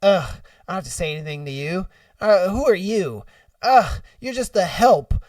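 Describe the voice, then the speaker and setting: A man's voice: sits high, animated, moderate pace, no echo, far from the mic. A man voicing an entitled, dismissive woman passenger with a sneering, huffy delivery. The recording is dry and a little off-mic. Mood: snooty.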